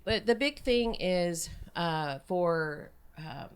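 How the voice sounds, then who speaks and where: Low-voiced businesslike woman guest. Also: animated, slow, clear, resonant tone. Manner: businesslike, laughs between points. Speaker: film festival co-founder, guest. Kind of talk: casual interview talk.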